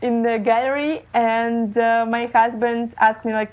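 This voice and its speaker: Slow, hesitant Russian-born woman. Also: a little high, little pitch movement, darkish tone, low-quality recording. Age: 30s. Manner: hesitant, many fillers, non-native phrasing. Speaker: guest, illustrator. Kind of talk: casual interview talk. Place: living in Germany.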